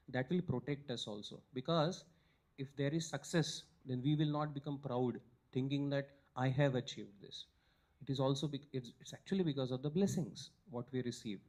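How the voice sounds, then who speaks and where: A man telling a devotional story at a weekly satsang, growing animated at the high points of the story.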